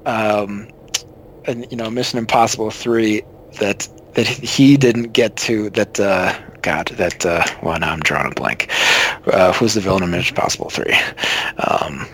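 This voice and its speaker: A man's voice: fairly low pitch, fairly bright tone, slight background noise, rough recording. A man in a casual chat about films, often searching for words and drawing out his points with enthusiasm. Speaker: podcast guest.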